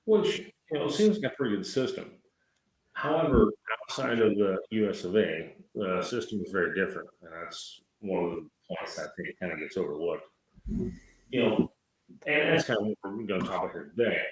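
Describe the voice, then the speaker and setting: A male talk show co-host with a low-pitched, expressive voice and a moderate pace chats casually, leaning on fillers like "you know" and "uh." The room is very echoey.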